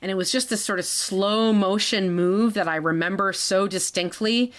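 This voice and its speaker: A woman in her forties telling her own story in a halting way, with restarts and small laughs. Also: mid-range voice, fairly even intonation. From Canada. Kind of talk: personal storytelling.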